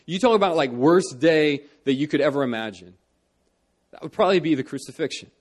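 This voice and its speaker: A young man preaching a sermon in church. He talks earnestly, lifting his voice for emphasis and dropping it low for solemn parts. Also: expressive, a little fast.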